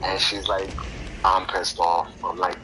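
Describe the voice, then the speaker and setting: A man's voice: sits low, flat delivery, measured pace. A man hosting a podcast, chatting casually and telling anecdotes full of slang and swearing, laughing often. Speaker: podcast host. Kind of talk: casual storytelling chat. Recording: noisy background.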